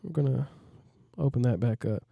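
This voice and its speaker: A man's voice: medium pitch, normal speed, vocal fry, dull audio, noisy background. A man, a music producer, walking through a plugin in a laid-back, rambling way, often asking "you know what I mean". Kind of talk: casual tutorial walkthrough.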